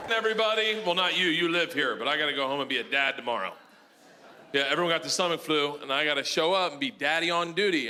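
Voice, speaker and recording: A man telling a crude, animated stand-up story on stage before a live audience. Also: on the high side, a little hiss or hum. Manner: loud, animated, crude punchlines. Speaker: stand-up comedian.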